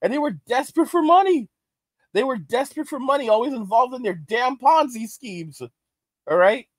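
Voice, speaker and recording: A middle-aged man with a fairly high voice, ranting animatedly as he reads chat comments aloud. He laughs often and hammers points home by repeating them. The sound is close and dry, with no room around it. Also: lively intonation, moderate pace, no echo. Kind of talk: casual reaction commentary.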